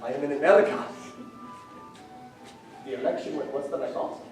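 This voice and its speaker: A young man on a school stage playing Cyrano, a boastful long-nosed man posing as a lunatic fallen from the moon, with loud, wildly theatrical declamation. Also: on the high side, a little fast, lightly acted. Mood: manic, theatrical. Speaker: stage actor. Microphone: far room microphone. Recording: very echoey stage recording from far off, faint music.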